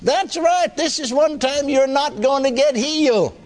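A man putting on a high, taunting devil. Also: a little slow, a little mellow, big-room sound. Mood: gloating. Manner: mocking, insistent questioning. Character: taunting male devil, sneering and persistent.

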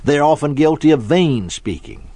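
A man's voice: fairly high pitch, animated, moderate pace, vocal fry, dark tone, slightly rough, no room sound. A middle-aged man preaching a sermon as a pastor, telling homely stories in a folksy way. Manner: folksy storytelling preacher, acts out quoted voices.

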